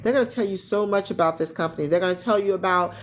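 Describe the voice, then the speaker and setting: A retired woman hosting a casual livestream from her living room, chatting with viewers and reading their comments in a lively, animated way. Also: medium pitch, quick pace, a little hiss or hum. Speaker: travel agent business coach, livestream host.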